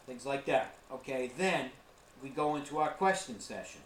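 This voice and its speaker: A man's voice: medium pitch, animated, normal speed, a little hiss or hum. A man giving a casual, earnest how-to talk on ghost hunting equipment, often calling his viewers folks. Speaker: ghost hunting tour guide. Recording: roomy live stream recording.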